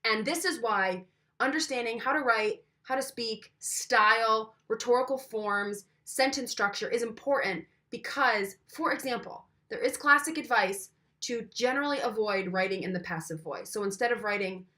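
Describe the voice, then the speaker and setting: A woman lecturing in a loose, chatty way, her voice bright and forward. She talks straight to the listener, tossing in questions and showing off voice changes as she goes. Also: a little high, moderate pace. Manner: conversational, asks the listener questions, demonstrates voice changes. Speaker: instructor. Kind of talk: recorded lecture.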